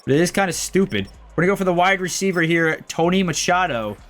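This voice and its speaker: A man's voice: sits high, fast. A young man commentating his own football video game season, calling plays like a sportscaster. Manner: excited play-by-play, rising to shouts at big plays. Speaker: gaming YouTuber. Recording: faint music behind the voice.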